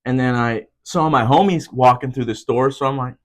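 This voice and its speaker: Profane young man ranting solo. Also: normal speed. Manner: profane, heated ranting with sudden jumps up in pitch. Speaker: podcast host. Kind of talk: casual solo rant.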